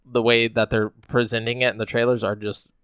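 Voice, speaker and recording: A man hosts a laid-back gaming podcast, reading news quotes and wandering off between them. His voice is smooth and clear at a middling pitch. The sound is dry and close, with no room around it. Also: flat delivery, brisk, fairly bright tone, no room sound. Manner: reads news quotes aloud, loose and rambling. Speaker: podcast host. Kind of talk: casual gaming news chat.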